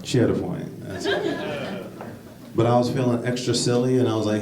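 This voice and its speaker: A stand-up comedian, a man with a gravelly edge to his voice, working the crowd with loose asides. He is picked up from a distance in a roomy club, with noise running under his voice. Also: mid-range voice, wildly swooping pitch, moderate pace. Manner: conversational, jokey asides to the crowd. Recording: echoey club, mic heard from a distance, noisy. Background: audience laughter.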